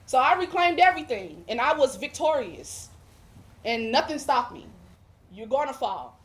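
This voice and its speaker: A woman with a fairly high voice gives a heartfelt religious testimony as a guest. She speaks emphatically and drives her points home with preacher-like repetition. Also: sing-song, moderate pace. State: emotional, near tears at times.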